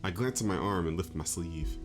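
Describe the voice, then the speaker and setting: A man reading aloud as a gloomy teenage schoolgirl narrator from a game, in a flat voice. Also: low voice, a little fast, soft background music. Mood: quiet, downcast.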